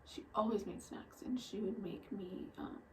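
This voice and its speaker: Soft-spoken young woman, near a whisper. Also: medium pitch, a little slow, poor audio. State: emotional. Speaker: vlogger. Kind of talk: personal storytelling vlog.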